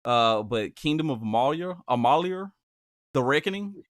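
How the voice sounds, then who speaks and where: A man's voice: mid-range voice, lively intonation, normal speed, fairly bright tone, dry recording. Laid-back emphatic man, dry sound. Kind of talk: casual chat.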